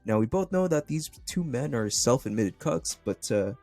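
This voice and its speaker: A man's voice: mid-range voice, animated, normal speed, a little mellow, no echo, faint music behind. A young man doing ranting commentary, angry, profane and mocking. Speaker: commentary YouTuber.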